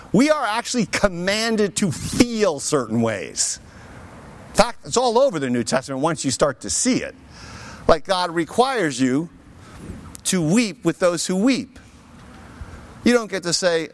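A man preaching a sermon as pastor, conversational and emphatic, with lively asides to the congregation. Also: high voice, unhurried, slight background noise.

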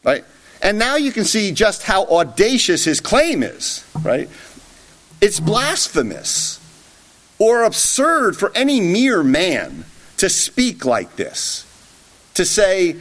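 A man's voice: sits high, big pitch swings, unhurried. A man preaching an expository sermon, emphatic and often checking in with a rhetorical "right?".

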